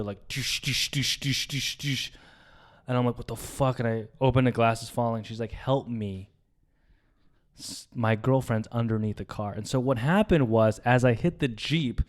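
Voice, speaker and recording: A young man co-hosting a podcast, telling a story casually and animatedly, acting out the voices of the people in it. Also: medium pitch. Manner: animated retelling, acts out quoted voices, swears. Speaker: podcast co-host.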